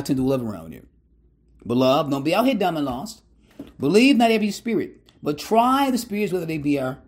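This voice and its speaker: A man preaching a fiery sermon, citing scripture and firing rhetorical questions at his listeners, often filling pauses with "my God" and "hello?". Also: on the high side.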